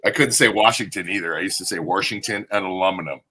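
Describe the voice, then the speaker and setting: A man's voice: on the low side, very fast, pushed and bright. A man in casual chat, laid-back, swearing and saying dude and bro a lot.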